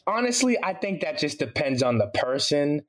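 A man talking loosely as an interview guest, relaxed and slangy, with lots of "you know" fillers. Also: a little high, moderate pace, soft background music. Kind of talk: casual interview chat.

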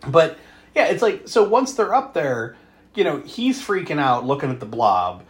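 Animated man recapping a film, laughing. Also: a little high, normal speed. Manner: laughs often, swears freely, acts out lines. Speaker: podcast co-host. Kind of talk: casual movie recap chat.

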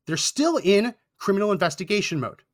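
A man's voice: sits high, very animated, brisk. A young man hosting a talk show, telling a story with indignant sarcasm. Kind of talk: storytelling commentary.

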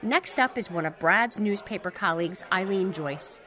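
A woman's voice: mid-range voice, expressive, normal speed, music in the background. A woman hosting a live story event, announcing the next storyteller. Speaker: event host. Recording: crowd noise behind.

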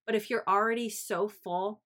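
Speaking at a normal speed, this devotional podcast host has a mid-range, fairly bright voice with fairly even intonation. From her home in Central Florida, she encourages her listeners earnestly and asks them reflective questions.

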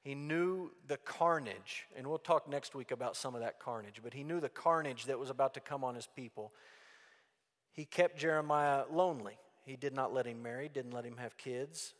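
Earnest male preacher, mid-pitched, hammering phrases home; long hall reverb. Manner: earnest, emphatic, repeats key phrases. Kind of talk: sermon.

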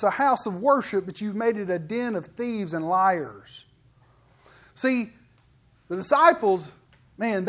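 A pastor preaching a weekly sermon in an emphatic way, mixing scripture with casual asides to the congregation. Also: medium pitch.

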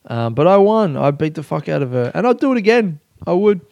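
A man's voice: on the high side, very animated, brisk, gravelly, darkish tone, no echo. A young man hosting a casual solo podcast, rambling and self-mocking, swearing often and laughing at himself. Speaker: podcast host.

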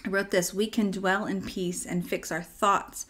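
A woman giving a personal devotional talk in a conversational way, acting out her own inner dialogue and dropping to a soft near-whisper at tender moments. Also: mid-range voice, flat delivery, a little slow. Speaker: devotional speaker.

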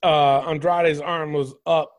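A man hosts a casual wrestling review chat on his podcast, talking animatedly, swearing freely, and mimicking commentators. His voice is fairly high-pitched and unhurried, with no echo.

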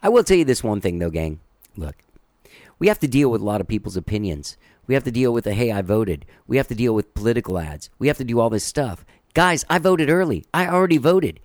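A male podcast host talks in a loose, rambling monologue, drifting into a laid-back drawl and restarting his sentences. His mid-pitched voice sits close to the mic in a dry, dead room with no echo. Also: very animated, fast, darkish tone. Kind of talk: casual monologue introducing a guest.

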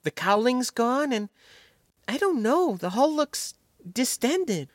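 A man voicing a young woman technician in an audiobook, speaking high and worried. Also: sing-song, slow, dry recording, clean studio sound, exaggerated voice. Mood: uncertain.

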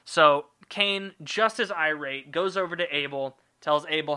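A man's voice: fairly high pitch, measured pace, few pauses, sharp tone, clear, resonant tone. A man hosting a podcast, retelling a story in a profane, irreverent and rambling comedic way. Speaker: podcast host.

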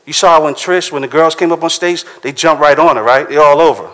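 A man's voice: on the high side, a little fast, a bit bright. A man preaching a sermon in a casual, conversational way, often checking in with "right?". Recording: long hall reverb.

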